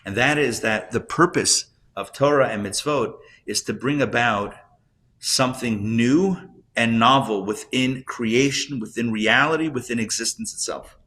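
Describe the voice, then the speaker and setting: A man, a rabbi, teaching a live class and telling jokes, talking in a conversational way, asking the audience questions and getting loud and animated when he makes a point. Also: medium pitch, a little slow. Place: classroom or synagogue hall, recorded live.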